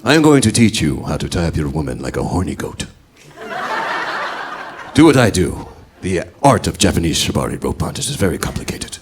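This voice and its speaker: A man's voice: low voice, very animated, a little fast, noisy background. A man voicing a flamboyant male rope-bondage instructor who makes grand, theatrical announcements. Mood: showy.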